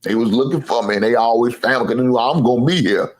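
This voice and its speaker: Talking fast in a medium-pitched voice, a man hosting a sports show delivers a casual trash-talking rant. He's boastful and teasing, swears a lot, and cracks himself up.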